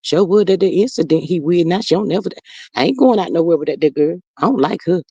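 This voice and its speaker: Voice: mid-range voice, expressive, quick pace, mellow, husky, no echo. A performer doing a folksy, defensive older mother, Marlene. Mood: rambling. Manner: rambling, calls everyone honey and child. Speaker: livestream character host. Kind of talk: in-character livestream chat. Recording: slightly muffled dry livestream audio.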